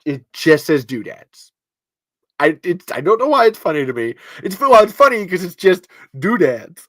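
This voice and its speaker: A man's voice: on the high side, a bit bright, no room sound, studio quality. A man talking through a movie in casual commentary, rambling and playful, swearing freely and laughing at his own jokes. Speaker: video essay host.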